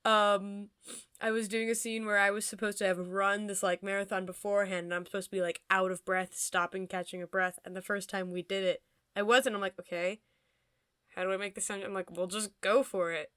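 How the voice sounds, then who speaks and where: A woman's voice: mid-range voice, fairly even intonation, brisk, fairly bright tone, smooth, no room sound. Chatty young woman, dry close sound. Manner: chatty, laughs often, uses many fillers. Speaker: podcast co-host. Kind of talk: casual chat.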